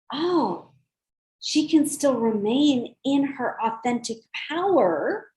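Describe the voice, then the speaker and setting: Woman minister giving a sunday sermon, high voice, takes her time, acts out the quotes in her stories. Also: low-quality recording. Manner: animated storytelling with quoted dialogue. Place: church service.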